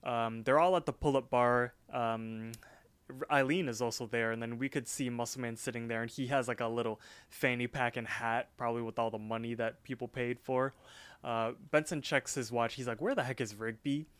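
A podcast co-host retells an episode in loose, casual chat, rambling and leaning heavily on filler words. His mid-range voice is steady, fairly bright, clear and resonant, at a normal speed with no echo.

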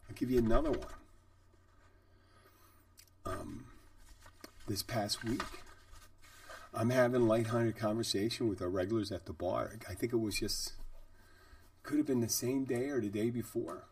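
A man's voice: medium pitch, normal speed, long pauses, darkish tone, no room sound, recorded from a distance. A middle-aged man, a bartender hosting a podcast, telling stories and reflecting in a rambling, conversational way. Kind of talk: reflective storytelling monologue.

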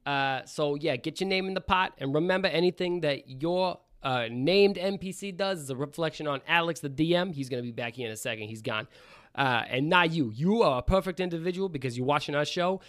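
A loud, rude trash driver with a put-on New York accent that slips toward Australian, as a man puts him on. He talks big and crude, and the voice sits a little high. He rambles through his pitch with swagger. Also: brisk, lightly acted. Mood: brash. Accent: put-on New York with a bit of Australian. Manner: boisterous, crude, rambling ad read.

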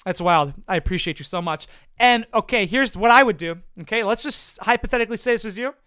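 A man's voice: sits high, animated, fast talker, sharp tone, clean tone, dry recording. A man giving casual advice to viewers in a blunt, profane, rambling way. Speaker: content creator answering viewer questions.

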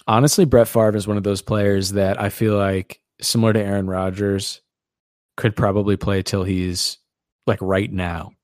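A man's voice: on the low side, flat delivery, normal speed, darkish tone, dry recording, studio quality. Sarcastic man hosting a podcast. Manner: sarcastic, rambling. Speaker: podcast host. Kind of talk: casual podcast chat.

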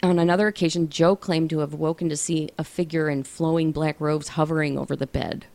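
A woman's voice: low voice, steady tone, fairly quick, vocal fry, a little mellow, dry recording. A woman co-hosting a podcast, casually telling a ghost story from her notes with dry comebacks. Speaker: podcast co-host. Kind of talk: casual chat, storytelling a case.

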